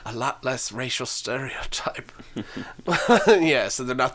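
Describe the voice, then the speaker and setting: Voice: takes it slowly, fairly bright tone. A podcast co-host chatting casually, laughing a lot and swearing. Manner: laughs a lot, swears, slips into squeaky old-man impressions. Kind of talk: casual chat.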